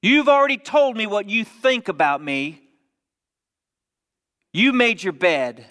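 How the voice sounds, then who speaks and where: A man voicing a middle-aged father, firm and measured, dropping low and soft at times. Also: sing-song, heavily acted. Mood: stern. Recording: long reverb of a large hall.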